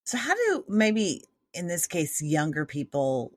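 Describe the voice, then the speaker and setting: A woman's voice: on the low side, huge pitch swings, measured pace, dry recording. A woman in her forties hosting a podcast, asking questions in a chatty, easygoing way. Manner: chatty, laughs easily, many fillers. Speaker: podcast host. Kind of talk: casual interview talk.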